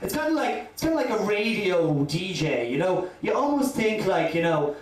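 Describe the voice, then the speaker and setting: On a comedy club stage, an Irish-accented man performs a rambling stand-up routine full of "you know" asides. His high-pitched voice is very animated at a moderate pace, picked up by a distant mic in an echoey club.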